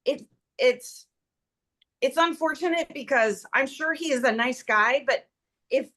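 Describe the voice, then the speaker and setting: A woman testifying as petitioner at a court hearing, recounting events in an agitated, rushed way. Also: high voice, fairly bright tone.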